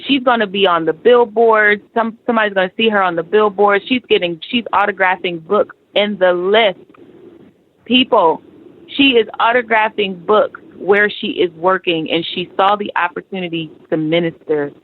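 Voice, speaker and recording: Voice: medium pitch, normal speed. A radio talk show host interviewing a guest, speaking in an encouraging, reflective, ministering tone. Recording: tinny phone line.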